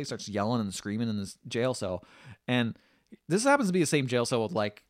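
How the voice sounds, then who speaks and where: Chatty man recapping a film, animated. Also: medium pitch, dry recording, clean studio sound. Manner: retells scenes in quick put-on voices; loose, chatty, swears freely. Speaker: podcast co-host.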